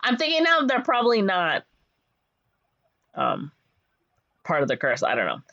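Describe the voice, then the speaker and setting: A woman's voice: mid-range voice, wildly swooping pitch, unhurried, vocal fry, a bit bright, no room sound. A woman co-hosting a podcast, recapping a movie in a casual, playful way, full of ums and likes and jokey voiced-out lines. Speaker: podcast co-host. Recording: dull lo-fi podcast audio.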